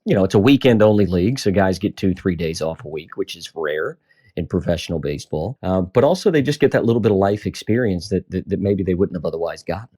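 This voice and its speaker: A man's voice: deep voice, animated, fast talker, mellow, breathy edge. A man in casual podcast conversation, talking in a conversational, explanatory way. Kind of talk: casual podcast interview chat.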